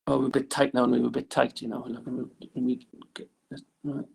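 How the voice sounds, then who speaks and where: Gravelly-voiced male teacher at the board. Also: medium pitch, little pitch movement, a little fast, a little mellow. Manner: talks while drawing on the board, lots of "right?" tag questions. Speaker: engineering teacher. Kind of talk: classroom lesson. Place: classroom.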